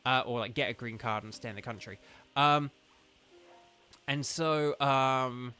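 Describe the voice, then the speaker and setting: A man's voice: mid-range voice, unhurried, pauses often, bright, forceful tone, clean tone, faint music behind. A young man from southern England with a southern English accent, chatting casually and rambling on a game livestream, leaning heavily on "like". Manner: rambling, chatty, heavy use of "like". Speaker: game streamer.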